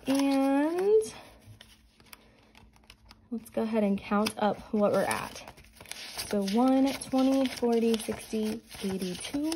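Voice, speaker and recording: Speaking slowly with long pauses, a young woman hosting a budgeting vlog sounds fairly high-pitched and animated, yet soft, earnest, and prayerful. She's slightly out of breath from pregnancy as she chats and reads scripture, and the poor audio carries a little hiss or hum.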